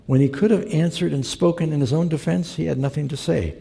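Man, preacher, sermon, folksy storyteller, gravelly, long hall reverb. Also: fairly high pitch, fairly quick, dark tone. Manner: folksy storyteller, acts out quoted characters.

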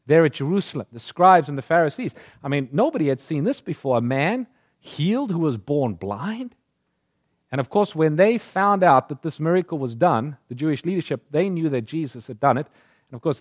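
A man's voice: sits high, no echo, studio quality. A man preaching a sermon, retelling scripture stories and acting out the voices in the quotes.

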